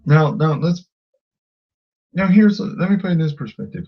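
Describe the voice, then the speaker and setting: A man's voice: fairly high pitch, very animated, moderate pace, slightly rough, dull audio. A man ranting angrily at a critic, combative and insulting, often repeating himself. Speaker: vlogger. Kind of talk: angry rant to camera.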